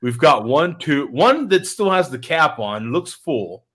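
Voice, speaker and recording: A man hosting a casual online talk show over a video call, chatty and quick to laugh. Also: a little high, sing-song, a bit bright, slightly rough. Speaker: show host. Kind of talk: casual chat.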